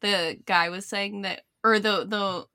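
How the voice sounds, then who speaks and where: Bright-voiced woman, dry close sound. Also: mid-range voice, fairly even intonation, measured pace, clear, resonant tone, dry recording. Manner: laughs often and tells rambling anecdotes. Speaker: podcast co-host. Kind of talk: casual chat.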